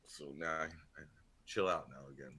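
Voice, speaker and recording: A man's voice: a bass voice, steady tone, moderate pace, pushed and bright, slightly rough. A man on a casual podcast panel, telling a long rambling story full of swearing and laughter. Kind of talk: casual chat.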